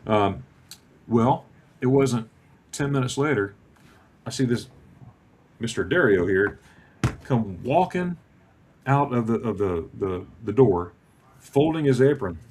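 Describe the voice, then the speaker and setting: A man's voice: slow, pauses often, slight background noise. A man in his fifties telling a casual travel story on a video call, acting out the dialogue as he goes. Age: 50s. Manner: animated, acts out dialogue with lively pitch swings.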